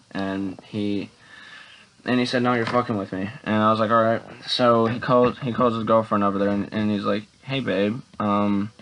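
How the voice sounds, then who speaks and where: Low, flat-voiced young man telling a story. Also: a little hiss or hum, low-quality recording. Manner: rambling, repeats words and restarts, many "and I'm like". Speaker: vlogger. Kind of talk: casual storytime.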